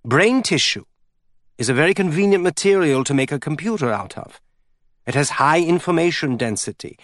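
A man's voice: medium pitch, no echo, clean studio sound. A man reading an audiobook, voicing a scornful man who lectures with contempt. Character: scornful man, harsh institute head.

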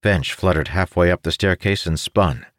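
A man narrating a fantasy audiobook in a measured, expressive storytelling manner. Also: deep voice, no room sound, clean studio sound.

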